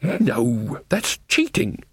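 A blunt old country witch woman, gruff and plain-spoken in thick rustic dialect, as a male narrator puts her on. Her voice rides high and lively, and the reading is dry and close. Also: very slow, no room sound, full character voice. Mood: stern.

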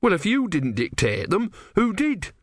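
Storybook role: an outraged pious young monk, voiced by a male narrator in a high, shrill, snarling voice. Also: huge pitch swings, moderate pace, breathy edge, no echo, clean studio sound, exaggerated voice. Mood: indignant. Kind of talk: audiobook character voice.

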